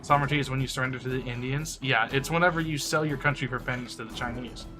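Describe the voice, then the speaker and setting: A man's voice: mid-range voice, fairly even intonation, fast talker, music in the background. A young man streaming a game, ranting in a crude, mocking way and laughing often. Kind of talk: casual game-stream rant.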